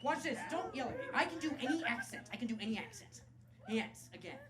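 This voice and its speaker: A man's voice: very high-pitched, expressive, quick pace, music in the background. A man doing a live stand-up set, brash and crude, with sarcastic crowd work. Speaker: stand-up comedian. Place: comedy club stage. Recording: loud live club crowd and noise.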